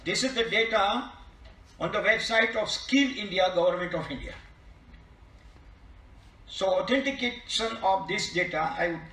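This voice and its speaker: A man's voice: high-pitched, normal speed, long pauses, pushed and bright. An older man with a Gujarati accent giving a formal keynote lecture, stressing single words and asking the audience rhetorical questions. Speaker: keynote speaker. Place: college seminar hall. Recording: echoey hall, distant mic.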